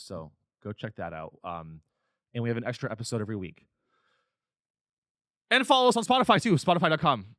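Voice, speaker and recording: A man's voice: mid-range voice, a bit bright, dry recording, studio quality. A man hosting a podcast, ranting with profanity and exasperation, slipping into mocking voices of other people. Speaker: podcast host. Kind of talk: comedic rant.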